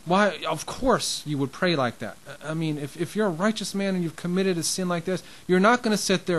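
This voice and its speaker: A man's voice: high-pitched, moderate pace, few pauses, fairly bright tone, rough recording. A man preaching an informal sermon in a conversational way, growing impassioned, with frequent restarts.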